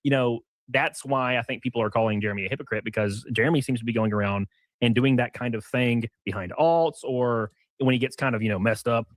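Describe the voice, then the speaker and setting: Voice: mid-range voice, fairly quick, no room sound. An interviewer talking casually and agreeably, with many fillers.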